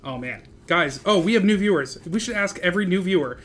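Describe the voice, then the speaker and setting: Brief: male stream host, casual card-game chat, excitable, quick laughs, a higher voice with a faint hum of noise behind. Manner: excitable, laughs often, swears.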